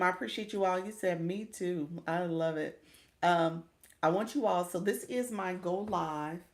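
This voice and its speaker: A woman livestream coach chatting casually with her viewers, reading the chat aloud and laughing often. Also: fairly low pitch.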